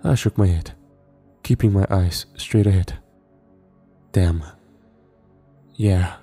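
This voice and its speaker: Low mellow guy reading a creepy tale, slow and steady. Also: breathy edge, faint music behind. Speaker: narrator. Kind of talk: horror story narration.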